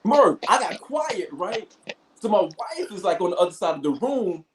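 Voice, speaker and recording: A man with a New York accent, a podcast co-host telling a rambling, animated story in casual chat. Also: high-pitched, moderate pace, slight background noise.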